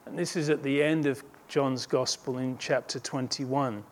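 A man's voice: mid-range voice, fairly even intonation, measured pace. A man preaching a sermon as a pastor, earnest and emphatic, building intensity through repeated phrases.

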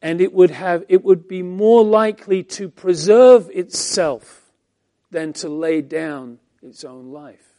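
High, mellow-voiced male preacher. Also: slow. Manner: expressive preaching, swinging between emphatic and hushed. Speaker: pastor. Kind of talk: Bible-teaching sermon.

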